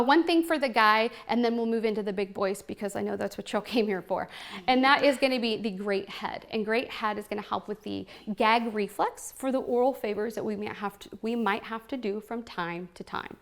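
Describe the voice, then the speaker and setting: A woman's voice: medium pitch, creaky. A woman hosting a home party for a live group and demonstrating products, talking in a playful, cheeky way with frequent asides to the room. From Oregon.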